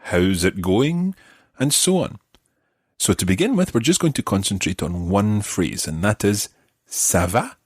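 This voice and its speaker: A man's voice: on the low side, lively intonation, unhurried, a little mellow, slightly rough, no echo. A middle-aged man hosting a podcast language lesson, patiently explaining and modeling pronunciation for learners. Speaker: language teacher and podcast host. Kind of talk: friendly guided language lesson.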